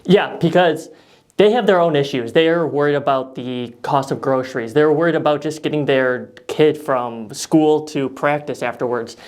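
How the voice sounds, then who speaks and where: A man's voice: fairly high pitch, moderate pace, darkish tone. A man talking as a political campaign consultant, steadily explaining and adding supporting points in an advice chat. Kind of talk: advice chat on a podcast-style video.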